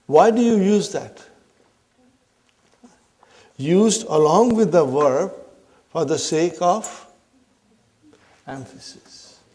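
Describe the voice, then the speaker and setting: A man's voice: a little high, lively intonation, extremely slow, long pauses, warm tone. A man teaching an Arabic grammar lesson to a class, who repeats his questions, checks that students follow and calls them brothers and sisters. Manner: repeats questions to the class, checks understanding with "huh?" and "are you with me"; addresses listeners as brothers and sisters.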